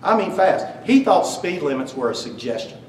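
A man's voice: on the high side, sing-song, moderate pace. A middle-aged man giving a eulogy for his father, telling funny stories and joking with the crowd. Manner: warm storytelling, joking with the crowd. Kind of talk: eulogy speech with humorous stories. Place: memorial service hall. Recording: echoey hall from far off, faint hum.

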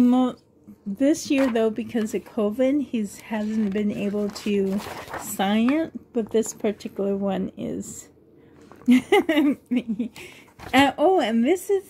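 Slow-talking woman with a mellow voice. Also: fairly high pitch, expressive, slight background noise. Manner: chatty, giggly, rambling with fillers. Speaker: vlogger. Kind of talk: casual show-and-tell chat.

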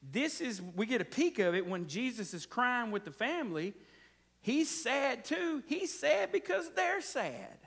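High, lively preacher. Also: male voice, a little slow, vocal fry. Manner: folksy, repeatedly checks in with the congregation. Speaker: pastor. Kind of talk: conversational sermon.

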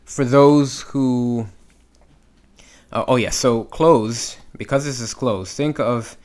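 A man's voice: medium pitch, slow, darkish tone. A man teaching Hebrew reading, patiently sounding out letters and syllables step by step. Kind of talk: instructional walkthrough.

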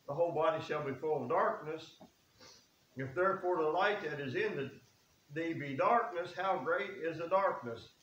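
A man's voice: on the high side, a bit bright, dull audio. A man preaching a sermon in a church, folksy and earnest, reading scripture aloud. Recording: echoey room with faint hiss.

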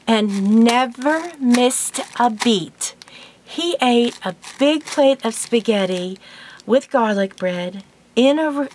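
A woman's voice: a little high, a little hiss or hum. Chatty woman in her sixties. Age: 60s. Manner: chatty and rambling, laughs often. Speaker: vlogger. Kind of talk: casual storytelling and gift unboxing.

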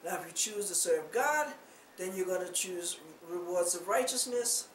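A woman's voice: on the low side, moderate pace. A woman preaching an informal sermon in a loose, conversational way, full of rhetorical questions and "you know". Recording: roomy echo, distant mic, faint noise.

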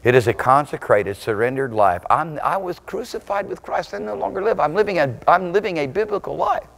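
A male pastor preaching a sermon with passion. He swings between loud, shouted peaks and low, intense passages. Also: lively intonation, fairly quick, gravelly.

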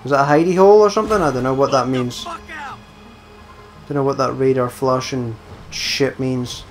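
A young man giving casual let's-play commentary, muttering and swearing at the screen, with sudden loud bursts when he wins. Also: medium pitch, normal speed, soft background music. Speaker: gameplay commentator.

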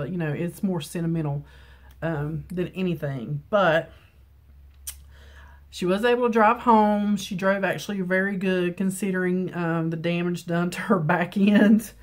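A young woman with a drawl talks to her vlog camera from a room at home. Her voice sits a little low and sounds stuffy from congestion. She rambles in a chatty way, with plenty of ums and easy asides. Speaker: beauty vlogger. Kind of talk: casual vlog chat. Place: home room with ring light.

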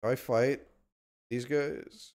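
A man streaming a strategy game, complaining in exasperated, whiny outbursts and sometimes shouting at the screen. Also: medium pitch, fairly even intonation, extremely slow. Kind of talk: live gameplay commentary.

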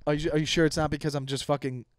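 A young man rants on his comedy podcast in a slightly high voice, swearing freely and tripping over his own sentences as he restarts them. The sound is close and dry, with no room around it. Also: level tone, very fast, dry recording. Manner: profane, rambling with many restarts. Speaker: podcast host. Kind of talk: casual comedic rant.

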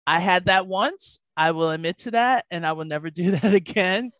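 A woman math tutor in a podcast conversation, telling lively stories and acting out the parents and kids she works with. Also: lowish voice, moderate pace, no room sound. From Baltimore, Maryland. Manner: animated storyteller, acts out parents and kids.

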